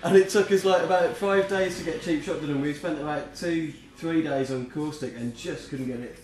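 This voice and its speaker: A man's voice: fairly high pitch, normal speed, a little mellow. Sweary young man in an echoey room. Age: young adult. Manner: sweary, jokey, laughs often. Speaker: musician giving album commentary. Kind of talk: casual chat. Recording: echoey room with music behind.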